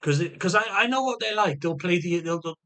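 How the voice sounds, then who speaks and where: A middle-aged man vents in a casual monologue, his fairly high voice swinging widely in pitch. He swears freely, keeps restarting and repeating himself, and slips into imitations of the people he talks about. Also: expressive, a little fast, pushed and bright. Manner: heated, profane, repeats and restarts phrases; mimics other people's voices. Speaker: vlogger.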